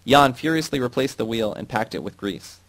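A man reading a novel aloud in a steady, measured way. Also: medium pitch, no room sound. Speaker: audiobook reader.

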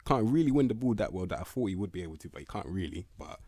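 Slangy young man, deep, dry sound. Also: animated, rapid-fire, mellow, dry recording. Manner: slangy, blunt, laughing, repeats "bruv" and "can't lie". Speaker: game content creator. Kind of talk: casual commentary reviewing player ratings.

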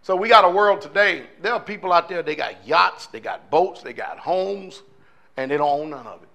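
A man's voice: on the high side, expressive, moderate pace, vocal fry, pushed and bright. A male pastor preaching a sermon in a fiery, conversational way, firing off rhetorical questions to his congregation.

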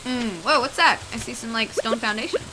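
Goofy, high-voiced woman gamer. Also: a little fast, background noise. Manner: goofy, chatty, exclaiming. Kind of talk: let's play commentary.

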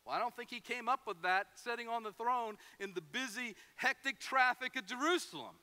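Male pastor, sermon, high-pitched, lively storytelling. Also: fairly quick, clean tone. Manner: animated storytelling with acted-out quotes.

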